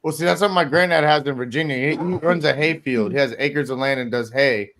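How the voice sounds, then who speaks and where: A man's voice: mid-range voice, fairly quick, fairly bright tone. A man telling crude hunting stories in a casual chat, swearing freely and laughing often. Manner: crude, profane storyteller who laughs often.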